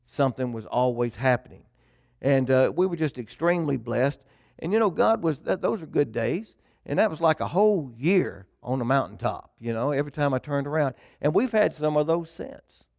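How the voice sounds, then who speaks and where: A man's voice: on the high side, lively intonation, moderate pace, creaky, darkish tone, dry recording. A middle-aged man, a pastor telling his own story in a folksy way to his congregation. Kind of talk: sermon testimony.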